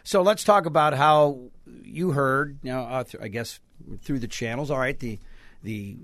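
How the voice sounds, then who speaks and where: A man's voice: mid-range voice, moderate pace, fairly bright tone, dry recording. Chatty male radio host. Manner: conversational, prompting questions, jokes with cohost. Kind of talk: radio interview.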